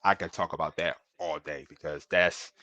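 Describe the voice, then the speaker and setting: A man's voice: rumbling low, fairly even intonation, moderate pace, sharp tone, dry recording. A middle-aged man, a podcast guest, telling earnest and emotional stories in a casual interview, often repeating himself and calling the host bro.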